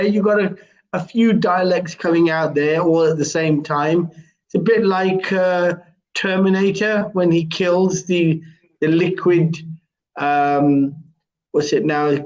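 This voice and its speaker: A man's voice: sits high, a little mellow. A man hosting a live stream chat, talking in a rambling way with many fillers. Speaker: host. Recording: dull lo-fi live stream audio.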